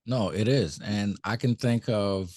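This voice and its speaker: Podcast host guy, really deep voice, calm and thoughtful, dry close sound. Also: a little slow, dry recording. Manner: calm and reflective, speaks in short affirmations. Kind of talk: casual interview chat.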